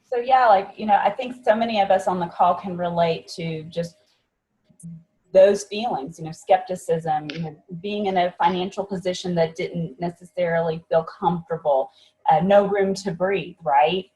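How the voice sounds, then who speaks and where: A woman's voice: on the low side, moderate pace, dark tone, poor audio. A woman hosting an interview on a group call, asking questions in a casual way with lots of fillers. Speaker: host.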